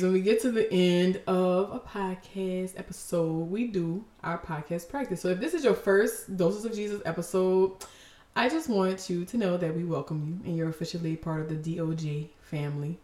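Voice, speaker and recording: A woman's voice: fairly low pitch, moderate pace, dark tone, echoey room. A woman hosting a faith podcast, speaking expressively and emotionally, laughing through tears. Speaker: podcast host.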